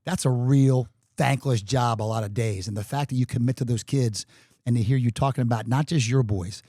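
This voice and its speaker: A man's voice: medium pitch, fairly quick, warm tone, no echo. A male podcast host talks in an average, middle-range voice, effusive and full of praise. His voice is close and dry in the studio. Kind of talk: podcast interview. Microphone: studio microphone.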